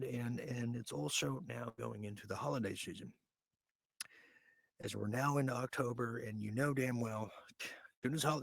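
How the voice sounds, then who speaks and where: Gravelly, sarcastic podcast host. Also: male voice, medium pitch, no room sound. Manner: ranting, sarcastic, halting with fillers. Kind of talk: late-night podcast monologue.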